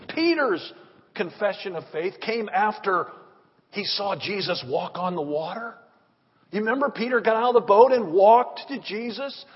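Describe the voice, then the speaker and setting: A man preaching a sermon, swinging between loud emphatic rises and hushed drops. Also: high voice, husky, in a large hall, highs cut off. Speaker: pastor.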